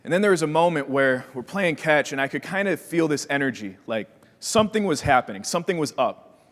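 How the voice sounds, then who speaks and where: Speaking a little fast, a young Wisconsin man delivers a motivational keynote in a large hall where long reverb trails his words. He tells his story with energy, voicing the people he quotes, in a pitch slightly above typical for men.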